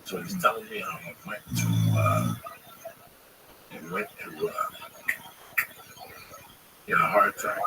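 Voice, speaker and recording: A middle-aged man with a low, gravelly voice rambles through confiding, profane stories, his pitch swinging wildly from line to line. He sits well back from the microphone, and loud background noise runs under everything he says. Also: wildly swooping pitch, a little slow, pauses often, far from the mic. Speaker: livestreamer. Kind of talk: casual storytelling to friends.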